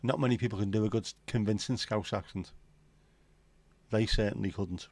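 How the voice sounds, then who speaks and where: A man's voice: lowish voice, fairly even intonation, moderate pace, vocal fry, darkish tone, no room sound. A man hosting a casual livestream chat, reading out viewer comments in a bantering, crude, sweary way. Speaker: livestream host.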